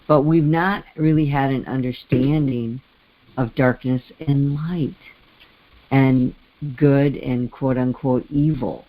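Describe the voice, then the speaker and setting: A man's voice: mid-range voice, fairly even intonation, slow pace, no echo, lo-fi sound. A man from the Midwest co-hosting a podcast, talking casually with many restarts and asides. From American Midwest. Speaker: podcast co-host. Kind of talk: casual conversation.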